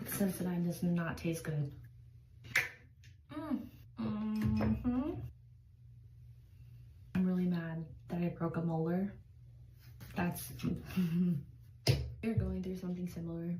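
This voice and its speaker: A woman's voice: lowish voice, fairly even intonation, a little slow, long pauses, over music. A young woman talking anxiously in a confessional vlog, close to tears. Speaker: vlogger in a played clip. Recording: echoey room with background noise.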